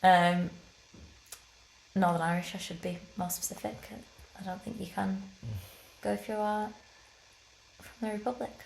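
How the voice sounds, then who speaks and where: A woman's voice: mid-range voice, fairly even intonation, a little slow, creaky, pauses often, echoey room, rough recording. A woman co-hosting a podcast in casual chat, rambling and correcting herself with frequent giggles. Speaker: podcast co-host.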